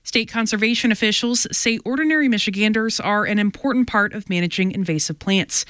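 A woman reading local radio news bulletins in a measured, even way. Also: medium pitch, no echo, studio quality. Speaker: local newscaster.

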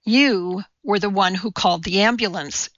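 A woman's voice: medium pitch, moderate pace, a bit bright, no echo, muffled recording, lightly acted. A woman voicing a nervous, flustered middle-aged male TV producer who presses anxiously for answers. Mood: pressing.

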